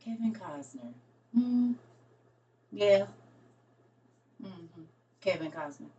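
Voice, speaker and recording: A woman chatting casually with her viewers, sassy and drawn-out, tossing in honey and baby. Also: medium pitch, expressive, dark tone, recorded from a distance, muffled recording. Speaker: streamer.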